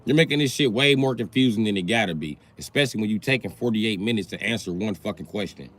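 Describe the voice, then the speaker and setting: Male streamer, deadpan sarcasm, swearing, pitch swinging widely; casual live chat. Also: fast talker, few pauses. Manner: sarcastic, profane, mock-serious. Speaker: livestreamer.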